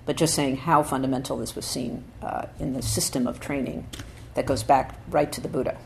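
A woman Zen teacher giving a dharma talk at a practice center. She speaks thoughtfully, reads quotations slowly and with emphasis, and often checks in with her listeners. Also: very deep voice, steady tone, vocal fry, darkish tone, slight background noise.

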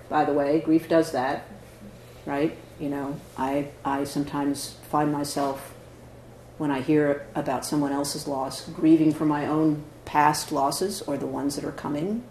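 A man's voice: a little high, steady tone, measured pace, a little mellow. A man, a Zen teacher, giving a dharma talk in a conversational way, often asking "right?" and "you know". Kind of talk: dharma talk answering questions. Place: meditation hall. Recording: echoey hall, faint noise.

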